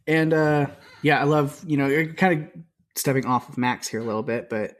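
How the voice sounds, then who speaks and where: A man's voice: fairly high pitch, moderate pace. Chatty man retelling film scenes. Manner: rambling, retells scenes with quoted lines. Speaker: podcast co-host. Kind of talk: casual film discussion.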